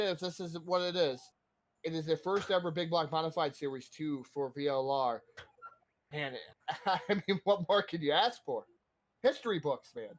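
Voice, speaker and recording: Upbeat, breathless man announcing races. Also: a little high. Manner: upbeat, hurried, slightly out of breath. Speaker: race broadcaster and interviewer. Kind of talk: sim racing post-race interviews.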